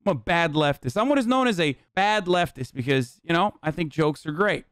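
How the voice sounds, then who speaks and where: A man's voice: on the high side, animated, a little fast, a bit bright, dry recording, clean studio sound. A man hosting a livestream, giving loose, profane, chatty reaction commentary. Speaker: livestream host.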